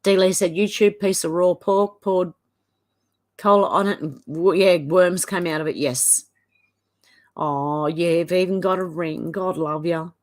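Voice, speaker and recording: An Australian woman hosting a livestream, reading viewers' chat comments aloud with chatty asides and quick laughs. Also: lowish voice, fairly even intonation, a little mellow. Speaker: livestream host.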